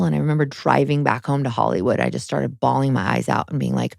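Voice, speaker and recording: A woman in her thirties speaks as an interview guest, frank and emotional, with lots of "like" fillers. Her voice has a gravelly, fry-laden edge. The sound is dry and close, with no room around it. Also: rumbling low, sing-song, quick pace, hardly any pauses, darkish tone, no echo. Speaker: guest, spiritual guide. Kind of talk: candid personal interview.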